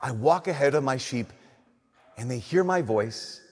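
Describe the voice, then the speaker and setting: A young man, a Catholic priest, giving an earnest, conversational homily that drops to soft emphasis. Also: mid-range voice, lively intonation, a little slow. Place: church. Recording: long church reverb.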